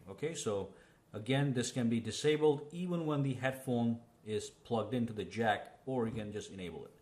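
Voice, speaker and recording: Casual man walking through phone settings. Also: medium pitch. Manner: relaxed, chatty, frequent "okay?" check-ins. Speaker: tech reviewer. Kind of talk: casual screen walkthrough.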